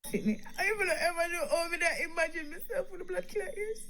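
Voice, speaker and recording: Tearful woman, high and wailing. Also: fast talker, a crowd in the background. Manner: tearful, wailing, speaks in patois. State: crying. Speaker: vlogger in a played clip. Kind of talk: emotional vlog.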